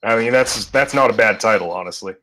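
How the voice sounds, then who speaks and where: A man's voice: fairly low pitch, brisk, pushed and bright. A man narrating a tabletop horror game as game master, describing scenes with many ums and uhs.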